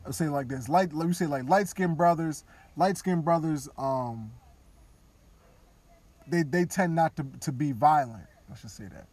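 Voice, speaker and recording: A man podcasting, talking candidly and casually, now and then dropping into quiet mock voices of others. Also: fairly high pitch, unhurried. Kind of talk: casual opinion talk.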